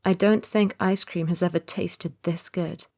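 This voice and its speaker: A woman narrating a romance audiobook in the first person, in a calm, measured read. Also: lowish voice.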